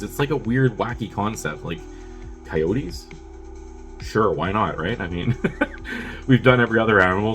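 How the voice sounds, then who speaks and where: A man's voice: lowish voice, fairly bright tone. A man who is sick with a cough, casually reviewing a movie in a rambling, chatty way with wry asides.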